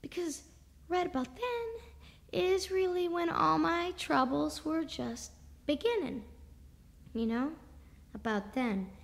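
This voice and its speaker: A woman's voice: sits high, slow, gravelly, long pauses. A woman giving a spoken word performance, telling a story in a raw, profane, rhythmic way. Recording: long reverb.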